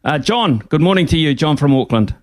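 A man's voice: on the high side, expressive, a little fast, dry recording. Brief: New Zealand radio host, male, emphatic and repetitive, dry close studio sound. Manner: emphatic, repeats phrases for effect. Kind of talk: sports talkback radio.

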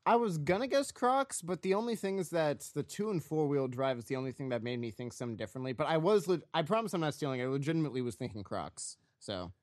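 A man co-hosting a casual podcast among friends. His voice sits a little high and swings widely in pitch. He laughs easily and keeps the talk animated. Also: quick pace, few pauses, no room sound, clean studio sound. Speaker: podcast co-host.

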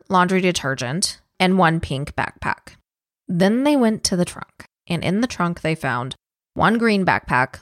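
A woman's voice: mid-range voice, fairly bright tone, dry recording, studio quality. A woman co-hosting a podcast, telling a true-crime story in a casual, profane, chatty way and laughing easily. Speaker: podcast co-host.

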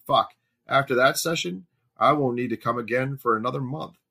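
A man voicing a playful young wife who speaks in a teasing, breezy way, pitched above his own voice. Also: moderate pace, gravelly, bright, forceful tone.

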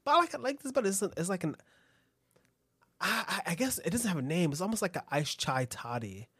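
A man's voice: high voice, expressive, a little fast, a bit bright, husky, dry recording. A man hosting a casual chat who rambles, swears a lot and laughs easily.

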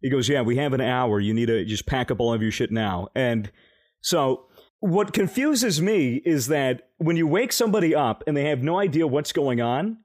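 A man's voice: mid-range voice, expressive, moderate pace. Profane young man telling a story. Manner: profane, rambling, laughing storyteller. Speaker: podcast co-host. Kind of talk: casual storytelling chat.

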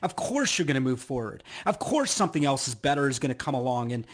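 A man's voice: medium pitch, sing-song, fast talker. A man hosting an interview, encouraging his guest with rambling, filler-heavy remarks. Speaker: podcast host.

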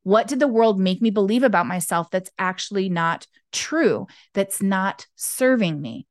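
A woman guest talking candidly in an interview over a video call, expressive and acting out the voices she quotes. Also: mid-range voice, unhurried, no room sound, clean studio sound. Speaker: podcast guest, intuitive business owner. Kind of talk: candid conversational interview talk.

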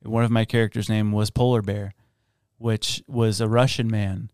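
A young man hosting a podcast, telling stories in a relaxed, easy drawl. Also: on the low side, moderate pace, clean tone, dry recording, clean studio sound. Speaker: podcast host. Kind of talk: casual chat, storytelling.

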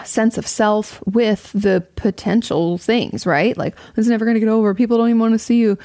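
A young adult woman talks through listener questions in a candid, conversational way, swearing freely. Her voice has a gravelly, fry-tinged edge and sits at an ordinary pitch. The sound is close and dry. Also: a little mellow, no echo. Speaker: host answering audience questions. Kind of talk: casual advice talk. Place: home.

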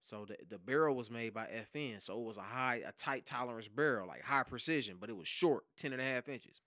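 A man, a podcast guest and hip hop producer, telling a story in casual, profane slang and acting out loud shouted quotes. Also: mid-range voice, brisk, no echo, studio quality. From Detroit.

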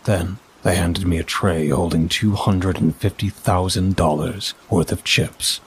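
A man narrating a first-person story in a measured, dry way. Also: low voice, steady tone, husky.

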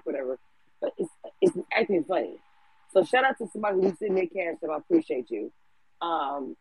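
Tired, husky man hosting a chat room. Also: on the high side, no echo, low-quality recording. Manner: chatty, says y'all and bro. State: tired from a long day awake. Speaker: host of a live audio chat room. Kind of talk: casual chat.

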